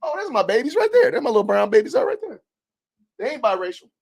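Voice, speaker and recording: Animated, high-pitched ranting man. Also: fast talker, vocal fry. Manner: animated, indignant ranting, preachy. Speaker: podcast host. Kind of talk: livestream commentary reading comments.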